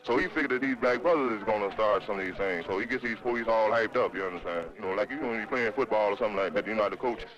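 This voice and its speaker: Fast-talking streetwise man, muffled old film. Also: fairly low pitch, crowd noise. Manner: animated, rambling, streetwise slang. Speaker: interviewee. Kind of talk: heated street interview. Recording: dull 1960s documentary film audio.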